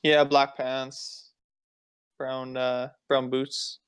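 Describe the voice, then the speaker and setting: A man's voice: medium pitch, monotone, very slow, fairly bright tone, smooth. A man from Canada chatting casually as a podcast guest, easygoing and agreeable. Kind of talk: casual chat.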